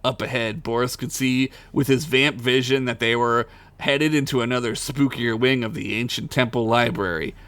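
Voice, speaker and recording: A man reads his own crude comic story aloud for a podcast, giggling at his jokes and stumbling over the invented names. His mid-range voice is steady and slightly bright, at a moderate pace.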